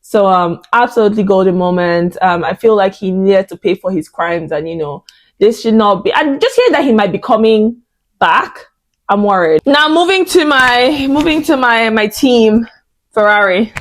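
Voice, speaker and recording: A young woman talking straight to her audience in a relaxed vlog, her voice at a middle pitch. She is expressive and dramatic, with plenty of fillers and outbursts. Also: normal speed. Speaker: vlogger. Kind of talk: casual chat.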